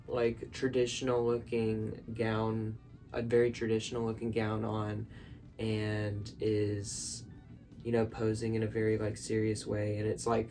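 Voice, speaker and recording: A man's voice: fairly low pitch, vocal fry, darkish tone. A man in his bedroom rambling through a film recap, full of "like" and "um". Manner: rambling, filler-heavy, lots of "like". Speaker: vlogger. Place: bedroom at night.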